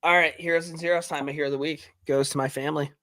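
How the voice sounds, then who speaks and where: A young man with a slightly high voice bantering on a hockey podcast. He talks in a loose, laid-back way, swears freely and keeps saying "dude". The recording is dry and close to the mic. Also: little pitch movement, racing, bright, forceful tone, dry recording. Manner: swears a lot, says "dude". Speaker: podcast co-host. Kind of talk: casual banter.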